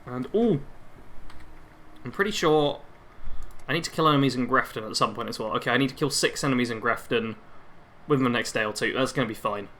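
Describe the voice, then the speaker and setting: Chatty man, bright voice. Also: medium pitch, fairly quick, pauses often. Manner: chatty, rambling, reads chat aloud. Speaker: gaming live streamer. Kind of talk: casual live stream chat. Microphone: headset.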